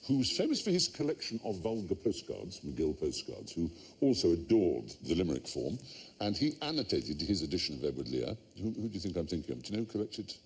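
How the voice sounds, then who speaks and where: A man's voice: sits low, vocal fry, breathy edge. A man hosting a comedy panel quiz, telling anecdotes in a wry, playful way. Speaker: quiz show host. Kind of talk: panel show banter and anecdote.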